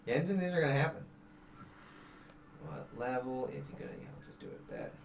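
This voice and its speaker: Lively man running a tabletop game. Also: mid-range voice, fast talker, creaky. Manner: lively, laughing narration. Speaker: dungeon master. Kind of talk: narrating a live-streamed tabletop game. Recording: roomy room, distant mic, faint noise.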